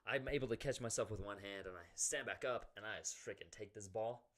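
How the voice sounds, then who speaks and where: A man's voice: fairly low pitch, fairly quick, a bit bright. A young man co-hosting a podcast, telling a crude, jokey story in casual chat. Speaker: podcast co-host.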